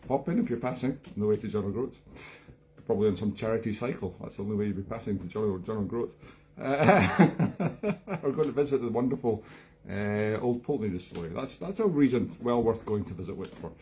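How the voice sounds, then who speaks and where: Guy hosting a music livestream from home, warm low-key voice, deadpan jokes, rambly. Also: quick pace, slight background noise. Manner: dry joking, chatty with filler and restarts. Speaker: musician hosting a live online music show. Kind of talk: casual chat between tunes.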